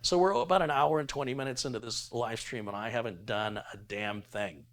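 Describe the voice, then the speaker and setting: A man's voice: medium pitch, fairly quick, a bit bright. A middle-aged man, hosting a live tech stream in a casual, chatty way and reading viewer donations aloud. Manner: chatty, laughs easily, reads viewer messages aloud.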